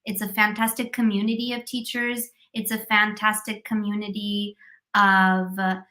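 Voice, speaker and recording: Bright-voiced woman, enthusiastic live-stream host on a video call, mid pitch. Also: flat delivery, moderate pace. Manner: upbeat, effusive, many thanks and praise. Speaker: host of teacher business coaching live stream.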